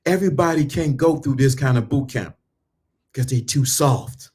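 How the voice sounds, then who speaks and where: A man's voice: mid-range voice, moderate pace, darkish tone, husky. Blunt preachy man in his fifties. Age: 50s. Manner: preachy, repetitive, mocking. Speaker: channel host. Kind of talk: blunt motivational monologue.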